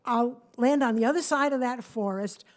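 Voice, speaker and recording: Woman playing a worried male aviator, pleading, urgent, high and loud. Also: moderate pace, natural voice.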